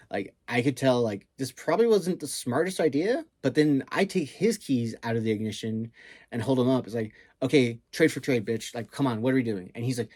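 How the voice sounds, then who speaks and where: A man's voice: mid-range voice, darkish tone, dry recording, clean studio sound. Man rambling through a wild story. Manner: rambling, lots of fillers and swearing. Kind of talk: casual storytelling.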